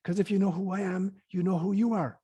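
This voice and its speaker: Earnest gentle teacher, husky mellow tone ; man voicing. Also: sits high, steady tone, brisk.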